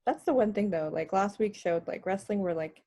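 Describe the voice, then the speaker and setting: A woman's voice: medium pitch, brisk, no room sound. A young woman in her twenties co-hosting a wrestling podcast, chatting casually and acting out what people said. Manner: animated storytelling, acts out what people said. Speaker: podcast co-host. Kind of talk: casual chat. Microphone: video call.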